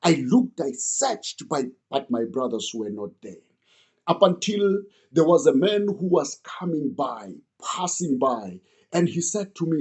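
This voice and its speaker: A man's voice: a little high, big pitch swings, a little slow, a little mellow. A young man earnestly retelling an old story in the first person, as if he lived it.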